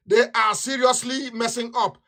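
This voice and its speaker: A man's voice: extremely high pitch, flat delivery, normal speed, a bit bright. A man with a Nigerian accent giving a fiery, repetitive political radio broadcast live, hammering his points home with emphasis.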